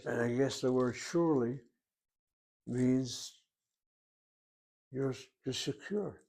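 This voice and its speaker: A man's voice: medium pitch, slow, gravelly, a little mellow. A man teaching a Hebrew grammar lesson, methodical and repetitive, explaining each rule step by step. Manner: methodical, repeats key terms, explains step by step.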